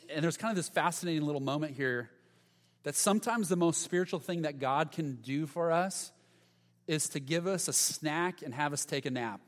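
A man preaching a sermon in a church sanctuary, his voice a touch higher than most men's. He talks in an animated, conversational way and leans on dramatic pauses. A long reverb trails each phrase through the hall. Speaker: pastor.

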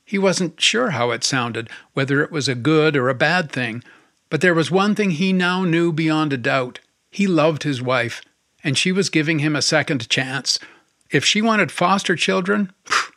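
A man narrating an audiobook in a calm, steady storytelling manner. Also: a little high, measured pace, no echo, clean studio sound.

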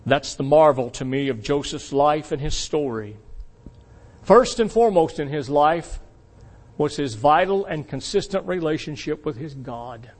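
A man preaching a sermon to his congregation, emphatic and asking them rhetorical questions, swinging between loud peaks and quiet asides. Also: fairly high pitch, lively intonation, unhurried. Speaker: pastor.

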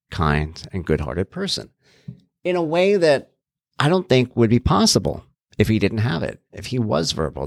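A man's voice: mid-range voice, dry recording, clean studio sound. A man hosting his own podcast, talking earnestly and casually, thinking aloud with frequent restarts. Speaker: podcast host and author. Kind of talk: casual solo podcast talk.

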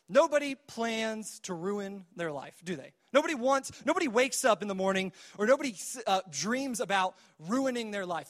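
High-voiced young man telling a sermon story. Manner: conversational, many fillers and restarts.

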